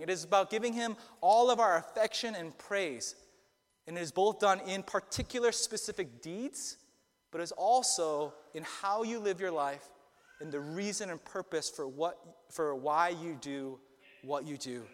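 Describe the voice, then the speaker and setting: A man preaching a sermon, earnest and emphatic, slowing down to stress key phrases. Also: high-pitched, big-room sound. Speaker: pastor.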